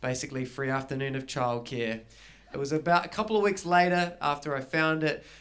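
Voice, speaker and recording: A man's voice: fairly high pitch, fairly even intonation, brisk, a bit bright. A middle-aged man with a New Zealand accent performing a live stand-up set, telling stories and acting out both sides of the dialogues. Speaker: stand-up comedian. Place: small garage gig before a live audience.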